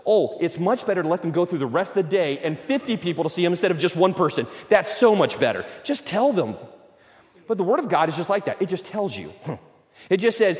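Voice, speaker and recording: Pastor guy preaching casual-style, plays out little back-and-forths, voice a bit high, echoey church. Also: a little fast. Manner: conversational, animated, acts out little dialogues. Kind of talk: sermon.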